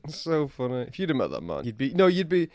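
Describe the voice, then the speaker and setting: A man's voice: mid-range voice, huge pitch swings, fast talker, a little mellow, dry recording, studio quality. A man co-hosting a casual podcast, telling anecdotes and chuckling as he goes. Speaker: podcast co-host. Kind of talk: casual chat.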